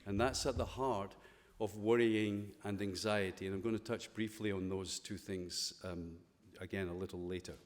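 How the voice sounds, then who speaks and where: A man's voice: lowish voice, fairly even intonation, moderate pace, hardly any pauses, big-room sound. A Scottish man giving a playful, conversational chapel talk to students, full of rhetorical questions. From Scotland. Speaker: school chapel speaker. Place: school chapel.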